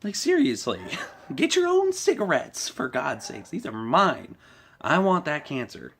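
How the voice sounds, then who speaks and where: A man's voice: on the high side, wildly swooping pitch, measured pace, gravelly, a bit bright, a little hiss or hum. A man vlogging a heated, profane political rant, swearing often and laughing at his own jokes.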